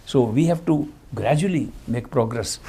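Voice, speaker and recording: A man giving a calm, explanatory spiritual lecture as a teacher. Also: mid-range voice, normal speed, creaky, breathy edge.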